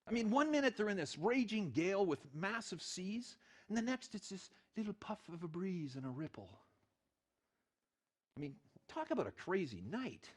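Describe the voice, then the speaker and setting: A middle-aged male pastor preaching a sermon, telling the story in an animated way and acting out the quotes. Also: high voice, slightly rough.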